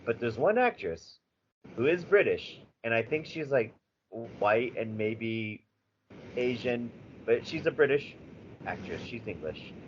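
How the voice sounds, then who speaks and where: A man co-hosting a podcast in casual chat, animated and rambling, swearing freely with lots of fillers. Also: mid-range voice, measured pace. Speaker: podcast co-host. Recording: slightly dull audio with faint background noise.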